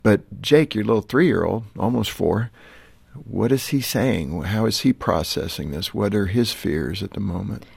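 A low, gravelly man hosting a radio interview, asking his guests gentle, empathetic questions. His voice is slightly husky, and the sound is close and dry. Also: lively intonation, unhurried, dry recording. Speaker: radio show host interviewing a couple.

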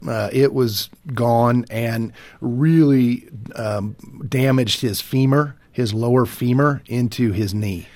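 A man in a radio interview recounting his story haltingly and somberly, with frequent fillers. His pitch sits in the middle and the sound is dry and close. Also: a little mellow, no echo. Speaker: guest, father. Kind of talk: personal testimony in an interview.

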